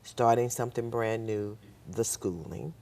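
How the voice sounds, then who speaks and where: A woman's voice: very deep voice, measured pace, warm tone. An older woman, a guest on a talk show, telling a personal story and acting out the voices of the people in it.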